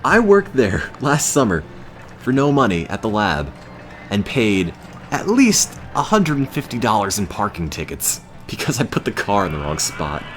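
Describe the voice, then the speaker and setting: A young man streaming live in a deep, deadpan drone that turns sour and ranting when he gets annoyed. His pitch still jumps up and down a lot within that low register. There is faint music in the background. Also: normal speed. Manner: deadpan monotone, with bursts of exasperated ranting. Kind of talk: casual chat on a live stream.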